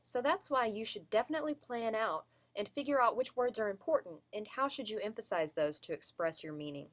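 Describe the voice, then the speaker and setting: A woman's voice: a little high, lively intonation, brisk. A woman giving a class presentation on vocal delivery, explaining and demonstrating word emphasis. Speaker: student presenter.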